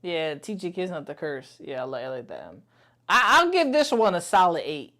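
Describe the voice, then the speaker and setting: A woman's voice: fairly low pitch, sing-song, moderate pace, fairly bright tone, soft background music. A woman from The Bronx, reacting to songs in blunt, profane, emotional commentary as a content creator. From The Bronx, New York.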